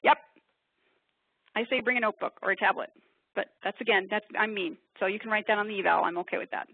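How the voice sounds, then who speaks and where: Fast-talking woman presenter over tinny audio. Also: medium pitch, creaky, breathy edge. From upstate New York. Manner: fast-talking, self-deprecating, chatty. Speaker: webinar presenter. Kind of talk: presenting a webinar. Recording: tinny phone-like webinar audio.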